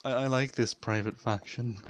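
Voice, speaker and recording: A man's voice: mid-range voice, fairly even intonation, moderate pace, a little hiss or hum. A young man chatting in a game over a headset, thinking aloud with fillers and small hesitations. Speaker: clan player. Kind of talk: casual game voice chat.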